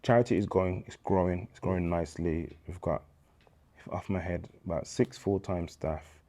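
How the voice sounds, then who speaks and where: Low, dark-voiced Birmingham man storytelling. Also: normal speed. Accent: Birmingham English. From England. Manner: animated, preacherly storytelling with slang. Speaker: guest, charity founder. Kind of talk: casual interview chat.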